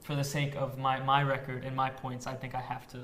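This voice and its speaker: Guest picker, male, flat delivery, off-mic with faint background noise. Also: medium pitch, fairly quick, echoey room. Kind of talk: casual sports banter.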